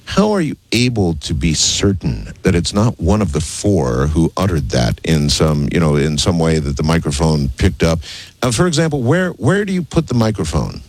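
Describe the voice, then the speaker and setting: A man with a very deep voice hosts an interview, pressing his guests with doubtful questions. His pitch swings widely as he talks. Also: very animated, normal speed, darkish tone, no room sound. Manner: skeptical, probing questions. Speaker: host. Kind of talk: radio interview.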